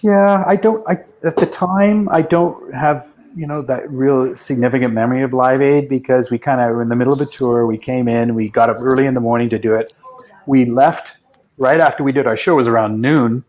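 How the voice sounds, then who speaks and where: A man in his sixties, a guest musician telling rambling, reflective anecdotes with soft chuckles in a casual interview. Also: mid-range voice, steady tone, brisk, low-quality recording.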